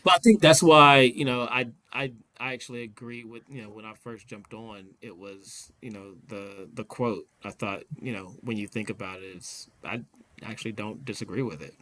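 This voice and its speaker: A man talking in an unhurried, emphatic way in a casual group faith discussion. He agrees strongly and circles back over his points as he builds them. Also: medium pitch, fairly bright tone, slight background noise. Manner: emphatic, agreeing, repeats himself. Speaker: discussion panelist.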